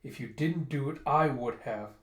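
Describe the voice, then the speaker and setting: A man's voice: mid-range voice, normal speed, echoey room, natural voice. A man doing a stern, scolding general. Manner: sharp, scolding. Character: stern, hot-tempered male general.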